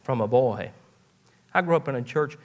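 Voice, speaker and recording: A man's voice: mid-range voice, lively intonation, moderate pace, a little mellow, dull audio. A man, preaching a sermon in a folksy storytelling way, often restarting his words. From eastern Kentucky. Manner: folksy storytelling with repeated stammered starts.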